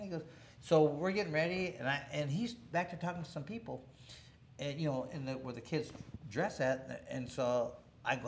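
Rambling storyteller man, fairly high voice. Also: a little fast, gravelly, slight background noise. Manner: rambling, many restarts, laughs while telling. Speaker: former boxer telling a story. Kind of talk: casual storytelling interview.

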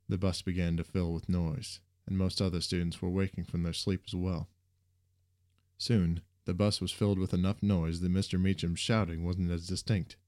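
A man narrating a story in a steady, even reading voice. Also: low voice, moderate pace, no echo, studio quality.

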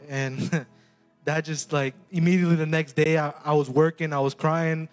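A man's voice: fairly high pitch, steady tone, unhurried, faint music behind. Earnest young man telling his testimony. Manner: earnest, emotional storytelling with many fillers. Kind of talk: personal testimony.

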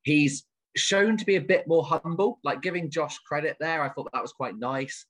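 A man's voice: a little high, normal speed, fairly bright tone. A man co-hosting a podcast, chatting casually about a reality show and often correcting himself. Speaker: podcast co-host. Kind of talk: casual recap chat.

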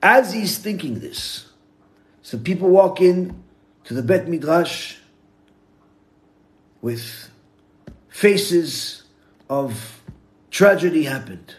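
A man, a rabbi, giving a Torah lecture in English sprinkled with Hebrew terms, telling stories with big swings from hushed to loud. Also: on the high side, animated, extremely slow, long pauses.

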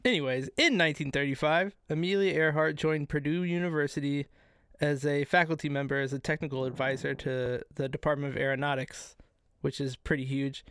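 A man co-hosting a casual podcast, telling history in a profane, excitable way. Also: fairly high pitch, a little fast, clear, resonant tone, dry recording, studio quality. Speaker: podcast co-host. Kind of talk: casual chat.

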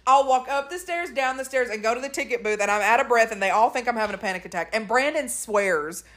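A woman's voice: on the high side, quick pace. A woman co-hosting a casual podcast, telling stories in a chatty way with quoted voices. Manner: chatty storyteller, animated retellings with quoted voices. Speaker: podcast co-host. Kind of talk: casual chat.

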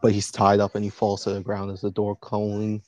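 A man narrating a casual role-play story as game master, in a halting, laid-back way. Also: on the low side, completely flat delivery, darkish tone.

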